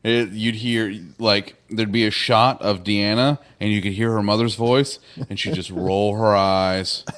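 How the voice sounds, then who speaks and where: A man's voice: lowish voice, a little slow. A man casually recapping a TV episode on a podcast, acting out lines with playful voices. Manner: animated retelling with playful put-on voices. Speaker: podcast co-host.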